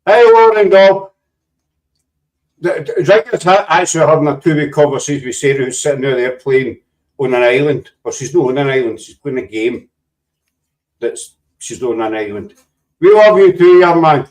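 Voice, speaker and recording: Speaking a little fast in a mid-range voice, the Scottish presenter of a casual live panel chat rambles on and jokingly teases his guests. The mic picks him up from afar.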